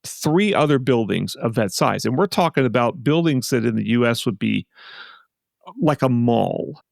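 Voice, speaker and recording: A man's voice: medium pitch, expressive, moderate pace, gravelly, no echo, clean studio sound. A man co-hosting a podcast, chatting casually and rambling with many restarts and asides. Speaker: podcast co-host. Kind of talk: casual chat.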